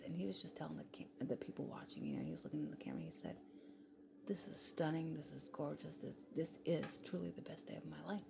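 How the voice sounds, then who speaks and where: A woman's voice: sing-song, fairly quick. A woman vlogging in a casual, rambling way, often dropping to a whisper. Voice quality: gravelly, low voice. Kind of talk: casual late-night vlog chat. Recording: clear background noise.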